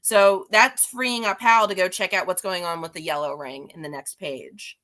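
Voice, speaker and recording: A woman's voice: fairly low pitch, normal speed, pushed and bright. A woman giving a casual, rambling comic-book recap, chatty and self-deprecating with frequent restarts. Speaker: guest reviewer.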